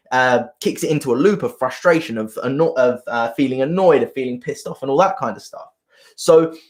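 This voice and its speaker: A man coaching viewers on a live stream, earnest and rambling, often repeating himself. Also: on the high side. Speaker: self-help coach.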